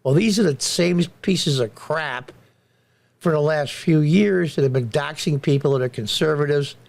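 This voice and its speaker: A man's voice: a little high, normal speed, gravelly. A middle-aged man hosting a commentary show, delivering a blunt, indignant political monologue and repeating phrases for emphasis.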